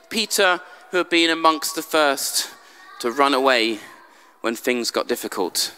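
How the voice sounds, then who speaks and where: A man's voice: on the high side, lively intonation, unhurried, pushed and bright, clean tone. A man preaching a humorous sermon in a church, telling the story with dry jokes. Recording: long church hall reverb.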